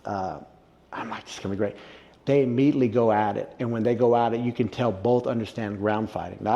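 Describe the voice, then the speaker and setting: A man in a casual interview, telling a story with animated retelling and quoted reactions. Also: mid-range voice, in a large hall, highs cut off. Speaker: interview guest, jiu-jitsu black belt.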